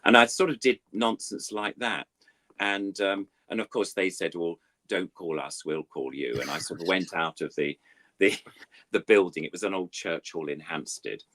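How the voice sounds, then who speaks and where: Older puppeteer, deep voice, chatty and self-deprecating storyteller. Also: male voice, moderate pace, a bit bright. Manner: rambling, self-deprecating storytelling with many fillers. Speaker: puppeteer guest. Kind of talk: anecdotal interview chat.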